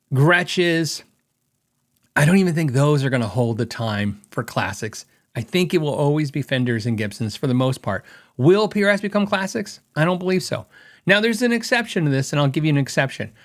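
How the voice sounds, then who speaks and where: A man's voice: a little high, animated, moderate pace. A middle-aged man hosting a podcast, giving his opinions in a rambling, casual way and thinking aloud with fillers. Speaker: podcast host.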